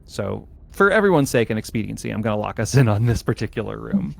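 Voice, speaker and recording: A man's voice: fairly low pitch, big pitch swings, fast talker, gravelly. A man narrating as game master, explaining the scene carefully with frequent hesitations and restarts.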